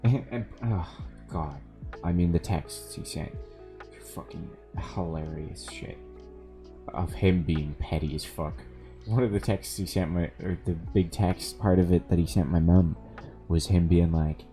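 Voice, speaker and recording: A man's voice: low voice, measured pace, warm tone, faint music behind. A male streamer casually telling a story while gaming, profane, sardonic and amused.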